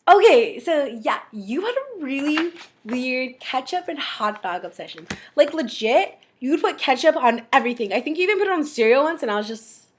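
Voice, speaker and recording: A woman's voice: high voice, big pitch swings, normal speed. A young woman recording a casual, rambling graduation message to her sibling, giggling and using lots of filler words.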